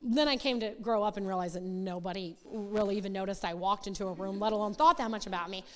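A woman's voice: fast, fairly bright tone. A woman giving a casual, emphatic sermon to a youth group, repeating points and acting out quotes. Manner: emphatic, repeats herself, acts out quotes in high voices. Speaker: youth ministry speaker. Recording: echoey hall.

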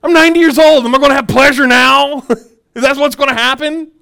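A man putting on a high, disbelieving voice for a ninety-year-old woman during a church workshop talk. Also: steady tone, brisk, vocal fry, bright, forceful tone, full character voice. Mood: incredulous.

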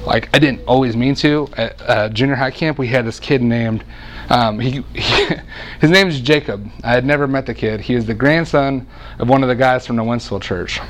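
Joking, lively man preaching a sermon. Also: mid-range voice, moderate pace. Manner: lively, joking storyteller with frequent restarts.

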